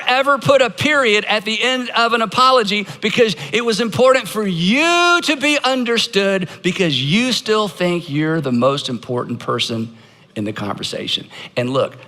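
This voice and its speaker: A man's voice: high-pitched, sharp tone, big-room sound. A man preaching a sermon to a live congregation, emphatic and leading them in practicing lines aloud. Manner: emphatic, leads congregation in call-and-response practice. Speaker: pastor.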